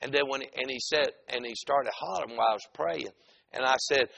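A man's voice: medium pitch, quick pace, gravelly, a bit bright. A man from North Carolina, preaching a rambling storytelling sermon in a church, dotted with "amen" and "uh". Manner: rambling, repetitive, frequent "amen" and "uh". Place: church auditorium.

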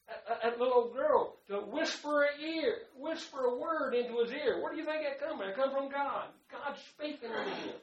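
A high-pitched man preaches fervently, rising to loud bursts and dropping to near whispers. The recording is dull and lo-fi. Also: sing-song, measured pace, reverberant. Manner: fervent, swings between loud outbursts and hushed asides. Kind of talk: sermon. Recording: dull lo-fi sound.

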